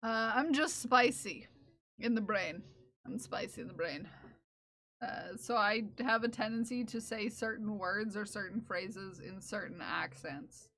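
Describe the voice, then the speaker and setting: A woman's voice: mid-range voice, a little slow, fairly bright tone, no echo. A woman streamer in casual chat, rambling with many fillers and restarts, her speech drifting between several accents. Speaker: live streamer.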